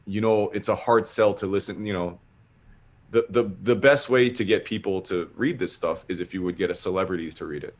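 A man's voice: low voice, fairly quick. A man telling a long casual story, rambling with lots of filler words.

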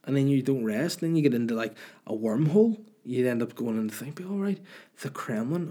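A man's voice: mid-range voice, animated, brisk, warm tone. A young man with a Northern Irish accent, hosting a podcast in rambling, sweary, joking storytelling. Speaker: podcast host. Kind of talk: casual solo chat.

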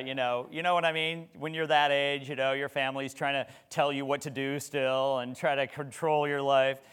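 A man's voice: mid-range voice, fairly bright tone, clear, resonant tone. A middle-aged man preaching a sermon in a conversational way, with rhetorical questions and frequent restarts. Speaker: pastor.

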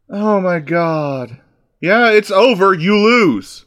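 A man reacts to a film in casual watch-along commentary. His voice sits high and swings widely as he heckles the characters in exasperation. The sound is dry and close, with no room echo. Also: animated, slow pace. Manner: exasperated, yells insults at the screen.

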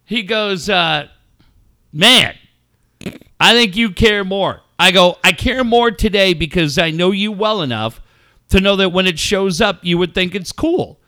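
A middle-aged man hosting a podcast, telling a story in casual, profane talk that rises into shouting. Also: high voice, expressive, measured pace, no echo, clean studio sound. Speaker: podcast host.

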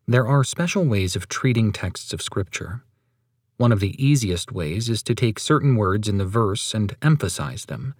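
A man reading a sermon aloud in a measured, solemn and emphatic way. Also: lowish voice, a little mellow, dry recording, studio quality. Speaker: reader of a sermon.

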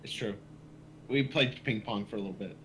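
A man's voice: on the low side, brisk, background noise. A man co-hosting a podcast in casual group chat, laughing and telling a sheepish story. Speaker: podcast co-host.

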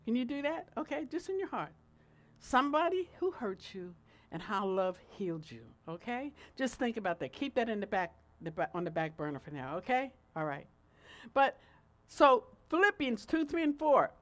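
Middle-aged woman preacher, high and very animated, chatty sermon delivery. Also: normal speed. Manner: lively, conversational, swings between loud and soft.

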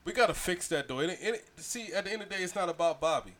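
A man's voice: high-pitched, animated, very fast, fairly bright tone. A man in his mid-thirties hosting a podcast, slangy and swearing, stammering as he gets emotional and teary. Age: 30s. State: emotional, tearing up. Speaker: podcast host. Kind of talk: casual podcast chat.

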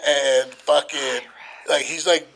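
A man telling a story in casual chat, animated and swearing constantly, acting out what people said. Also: a little high, slow pace, gravelly, slightly rough.

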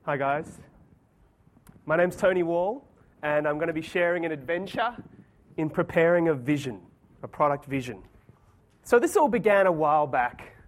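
An animated man telling a story on stage at a conference, pokes fun at himself. His voice sits high for a man. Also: normal speed, pauses often. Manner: storytelling, self-deprecating, animated. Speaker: conference speaker. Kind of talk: conference talk with anecdotes.

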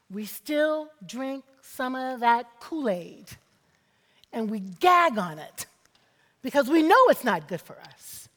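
A woman's voice: fairly high pitch, in a large hall. A woman preaching a sermon, emphatic and repeating phrases for effect, calling on the congregation for amens.

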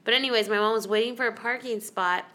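A woman's voice: a little high, fast. A woman co-hosting a casual podcast chat, telling rambling stories and acting out quotes. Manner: rambling storyteller, acts out shouted quotes. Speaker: podcast co-host.

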